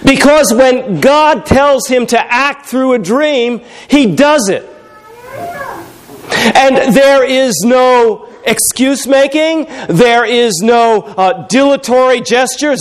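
A man's voice: very high-pitched, takes it slowly, low-quality recording. A man preaching a sermon in a conversational, humorous storytelling way.

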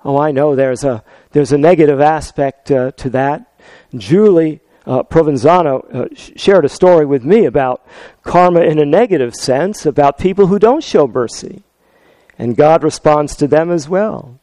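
High-voiced male pastor telling stories. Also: moderate pace, dark tone, no echo. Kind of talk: sermon with storytelling.

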